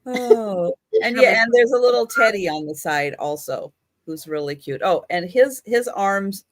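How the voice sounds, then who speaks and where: A woman hosting a live online vintage sale, describing items in a relaxed, chatty way with lots of fillers. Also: medium pitch, dry recording, clean studio sound. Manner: unhurried, chatty with many fillers. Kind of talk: casual live selling.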